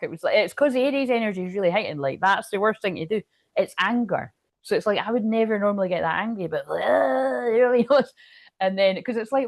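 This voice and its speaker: A woman's voice: on the low side, fairly quick, dry recording. A woman doing casual live-stream chat as a spiritual reader, telling a rambling story full of swearing.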